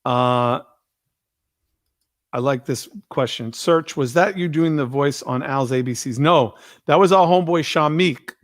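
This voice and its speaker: A man hosting a live stream, telling stories in a casual, profane, animated way. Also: mid-range voice, measured pace, no echo, clean studio sound. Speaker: host.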